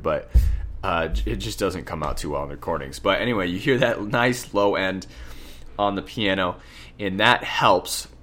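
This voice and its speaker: A man with a cold and a slight lisp, casually explaining solo piano technique and often checking in with "right?". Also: fairly low pitch. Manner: relaxed, self-correcting explanations with frequent "right?". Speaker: piano teacher. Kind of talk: casual music lesson. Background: piano playing between explanations.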